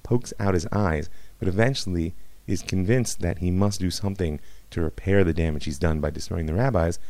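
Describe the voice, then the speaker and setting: A man, a rabbi, giving a history lecture in a lively storytelling way with asides. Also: low-pitched, no room sound.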